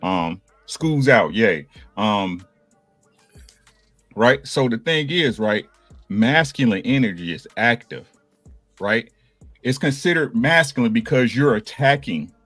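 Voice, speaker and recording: A man's voice: medium pitch, animated, slow, pauses often, a bit bright, no echo, faint music behind. A man on a podcast panel, explaining a point in a casual debate and checking in with "right?" again and again. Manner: explanatory, keeps asking "right?".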